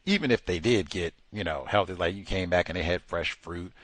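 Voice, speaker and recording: A man hosting a talk radio show, talking in a sarcastic, exasperated and animated way. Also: deep voice, fairly quick, no room sound. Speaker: radio host. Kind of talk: casual talk radio commentary.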